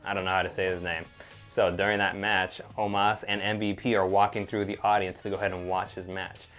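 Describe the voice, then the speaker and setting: A man's voice: sits low, level tone, fairly quick, fairly bright tone, soft background music. A man co-hosting a casual recap chat, laid-back with chuckling asides. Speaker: podcast co-host.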